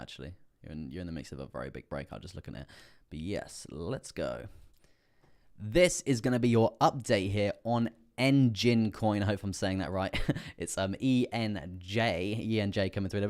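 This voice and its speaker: Speaking in a deep voice and a little quickly, a young British guy runs a crypto livestream and talks over price charts. The delivery is rambling and full of fillers, including repeated "coming through there", with a slightly strained sound.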